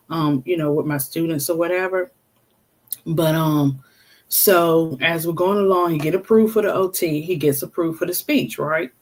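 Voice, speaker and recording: Earnest rambling mom, lots of fillers. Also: female voice, deep voice. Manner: rambling, full of fillers like "you know" and "or whatever"; earnest and emphatic. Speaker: parent of an autistic child. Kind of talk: casual personal talk.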